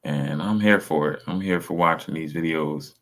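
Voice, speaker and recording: A man's voice: extremely low pitch, moderate pace, a bit bright. A man, reacting to videos on a casual stream in a blunt, profane, rambling way.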